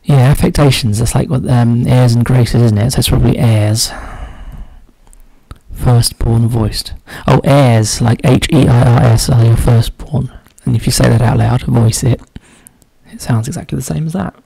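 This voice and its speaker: A man's voice: medium pitch, fairly even intonation, normal speed, gravelly, mellow, husky, no echo, poor audio. A man solving a crossword aloud, musing and muttering clues half to himself. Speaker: crossword solver. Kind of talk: thinking aloud while solving a puzzle.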